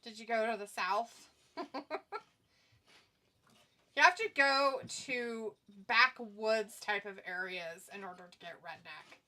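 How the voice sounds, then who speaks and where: A woman's voice: mid-range voice, slow, pushed and bright. A woman co-hosting a live stream, chatting casually, teasing and laughing often while reading viewer comments. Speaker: stream co-host.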